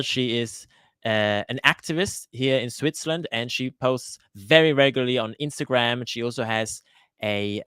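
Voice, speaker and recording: A man hosting a live Q&A for his cooking channel, chatting casually and greeting viewers by name, often pausing with "uh" and restarting his sentences. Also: mid-range voice, fairly bright tone, clean tone, no room sound, studio quality. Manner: hesitant, with frequent "uh" fillers and restarts. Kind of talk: live-stream Q&A chat. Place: lives in Switzerland.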